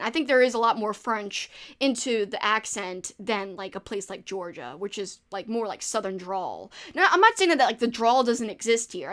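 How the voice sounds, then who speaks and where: A woman with a New Orleans accent, hosting a casual livestream and chatting while reading viewer comments. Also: fairly high pitch. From New Orleans, Louisiana. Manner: chatty, rambling, quick asides. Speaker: livestream host.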